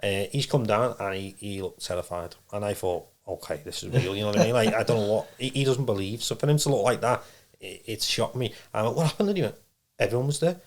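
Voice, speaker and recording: A man's voice: lowish voice, fast talker. A man, a trance medium guest, telling a rambling personal story in a casual interview. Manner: rambling, animated storytelling with acted-out quotes.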